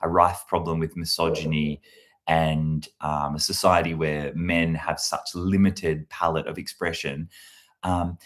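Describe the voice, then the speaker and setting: Deep-voiced man musing aloud. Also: unhurried. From Australia. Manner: rambling and reflective, with many fillers and restarts. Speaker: comedy content creator. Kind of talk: casual talk to camera.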